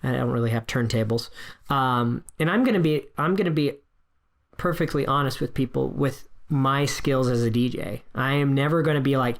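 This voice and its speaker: A man's voice: mid-range voice, expressive, normal speed, vocal fry. A man as a podcast guest, talking casually and energetically about his work as a wedding DJ, frank and self-deprecating, with frequent restarts. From United States.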